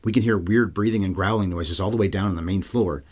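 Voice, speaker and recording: A man's voice: low-pitched, fast, darkish tone, breathy edge. A man hosting a solo film review podcast, talking in a casual, irreverent way with wry, sarcastic asides. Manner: profane, irreverent. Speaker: podcast host.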